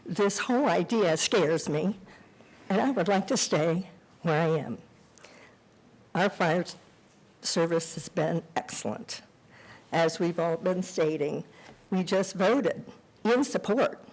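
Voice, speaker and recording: A woman's voice: lowish voice, slow, pauses often, a little mellow, rough recording. An older woman, a senior resident speaking firmly and with concern during public comment at a county meeting. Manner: firm, concerned.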